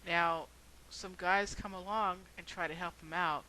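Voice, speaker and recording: A woman's voice: fairly low pitch, steady tone, measured pace, bright, forceful tone, a little hiss or hum, rough recording. A woman video blogger telling a story and then making an earnest, rhetorical argument.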